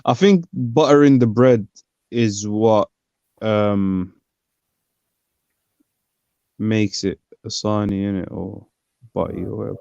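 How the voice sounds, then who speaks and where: A man's voice: fairly low pitch, slow pace, creaky, pauses often, mellow, no room sound. A man, chatting casually on a stream, rambling and reading comments and look-ups aloud. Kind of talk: casual chat. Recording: dull, lo-fi dry sound.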